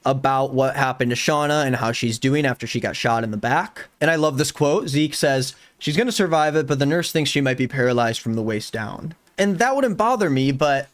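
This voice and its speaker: A man in his twenties recapping a novel in a casual vlog, sarcastic and animated, slipping into mock voices and laughing as he goes. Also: fairly high pitch, brisk, few pauses, no echo. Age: 20s. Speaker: book vlogger.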